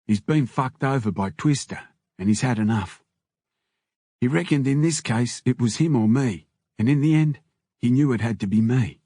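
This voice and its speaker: A man voicing a calm, stubborn, beaten-up male prisoner leader, with a dark husky voice. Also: mid-range voice, normal speed, no echo, studio quality, close to an everyday voice. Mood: stoic. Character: battered male prisoner gang leader, stoic.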